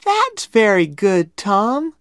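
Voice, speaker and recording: A prim young schoolgirl in a read-aloud storybook, sweet and sing-song, as a woman reader voices her. Her voice is pitched high above the reader's own and bounces lively. The delivery is slow, close and dry. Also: dry recording, heavily acted.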